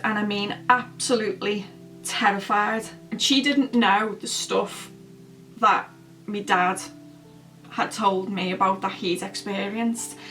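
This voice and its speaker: A woman's voice: mid-range voice, fairly bright tone, recorded from a distance, low-quality recording. A woman telling a story casually while doing her makeup, rambling and chatty with many fillers. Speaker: beauty vlogger. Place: at home, indoors.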